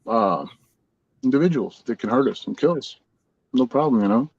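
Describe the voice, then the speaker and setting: A middle-aged man telling a long story in a relaxed, rambling way, as a guest on a podcast. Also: on the low side, fairly quick, no room sound, lo-fi sound. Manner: rambling, laid-back storyteller. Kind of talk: casual storytelling.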